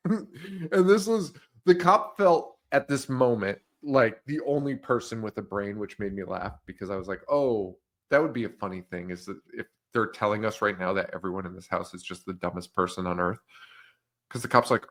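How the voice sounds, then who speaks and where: A man's voice: fairly low pitch, normal speed. A young man co-hosting a podcast, casually retelling a film's scenes with frequent laughter and quoted lines. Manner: laughs often, animated retelling with quoted voices. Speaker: podcast co-host. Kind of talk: casual movie-recap chat.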